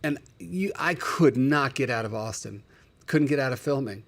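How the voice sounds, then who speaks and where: A man's voice: mid-range voice, animated, moderate pace. A man hosting a casual livestream, telling stories with open emotion and calling out his viewers by name. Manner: emotional, chatty storyteller who calls out viewers by name. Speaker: livestream host.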